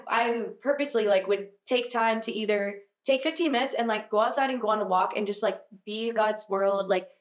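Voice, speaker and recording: A young woman guest on a podcast, chatting casually about her faith, full of "like" and quick laughs. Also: mid-range voice. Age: young adult. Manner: chatty, lots of "like", laughs easily. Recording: echoey room.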